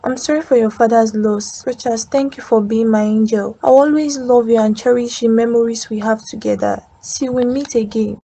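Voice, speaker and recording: Woman playing a grieving young woman, Nigerian accent, higher voice, mellow dark tone. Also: steady tone, normal speed, few pauses, poor audio. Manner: emotional, sincere. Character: grieving young woman mourning her lover.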